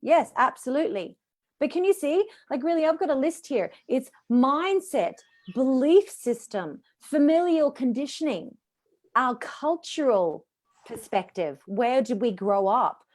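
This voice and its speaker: A middle-aged Australian woman who works as a voice coach speaks expressively as a guest on a live video call. Her voice is high-pitched and unhurried, and she demonstrates different voices while she teaches.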